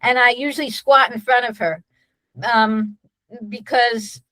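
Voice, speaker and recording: A woman's voice: a little high, fairly even intonation, a little slow, fairly bright tone, rough recording. A middle-aged woman, a nurse-midwife, explaining a birth protocol in a conversational way, full of restarts and fillers.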